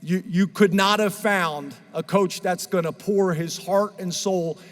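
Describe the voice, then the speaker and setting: Speaking unhurriedly in a steady tone, a head football coach with a rather high voice offers earnest, emotional comments to the press. Faint music plays behind him, and the spacious room's lingering reverb gives his voice a distant, washed quality.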